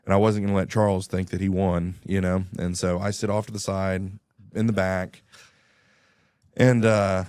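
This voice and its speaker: A man's voice: low voice, little pitch movement, moderate pace, darkish tone, clear, resonant tone, dry recording, clean studio sound. A man telling a personal story on a radio show in a casual, rambling way. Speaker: guest. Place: radio studio.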